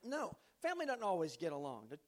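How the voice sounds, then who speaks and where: High-voiced folksy preacher man. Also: huge pitch swings, fast. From not from the American South. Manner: folksy storytelling with humor and preacher's emphasis. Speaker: pastor. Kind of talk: sermon. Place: church.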